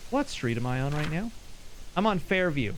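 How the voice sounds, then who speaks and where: A man giving live commentary as he plays a game, talking to himself and his chat and yelping and shouting when something startles him. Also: a little high, sing-song, normal speed, slight background noise. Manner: talks to himself and to chat while playing. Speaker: streamer.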